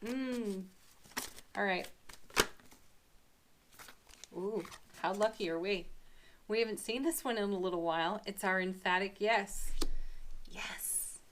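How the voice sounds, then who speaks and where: A woman's voice: mid-range voice, a little hiss or hum. Giggly upbeat woman reading tarot. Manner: soft affirmations with drawn-out pauses. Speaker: tarot reader. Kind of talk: daily tarot card reading.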